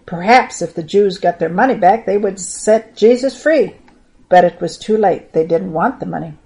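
A woman reading a Bible story aloud in an expressive storytelling manner. She lifts her voice for tense moments and drops it low and soft for sad ones. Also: normal speed, low-quality recording.

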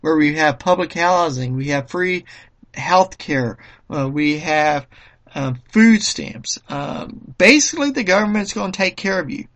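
A commentator speaks alone in a monologue, reading passages from an article and adding commentary. The delivery is slow and deliberate, and the voice sits in a middle pitch. The speaker often stops on fillers and restarts sentences. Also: lively intonation, fairly bright tone. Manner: slow and halting, with many "um"s and restarts. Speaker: political commentator.

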